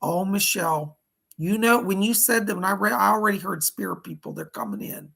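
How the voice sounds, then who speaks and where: A male psychic medium giving live-streamed readings, his hoarse voice rough and gravelly. He talks in a chatty, folksy way and thanks his viewers by name, with a husky edge under his words. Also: high-pitched, brisk, pushed and bright, poor audio.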